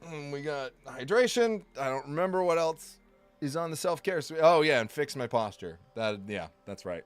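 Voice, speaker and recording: A man's voice: on the high side, expressive, normal speed, clean tone, no echo, faint music behind. A man chatting casually on a live stream, rambling, correcting himself often and joking along with his chat. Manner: rambling, self-correcting, jokey.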